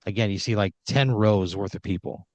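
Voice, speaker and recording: A man's voice: fairly low pitch, moderate pace, dry recording. A man narrating an improvised horror comedy scene in a loose, rambling way, full of fillers and restarts. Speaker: storyteller running the scene.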